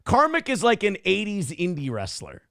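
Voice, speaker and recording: A man hosting a comedy talk show, reacting to clips with sarcastic, profane commentary and animated storytelling. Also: high voice, moderate pace, gravelly, faint music behind. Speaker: morning show host.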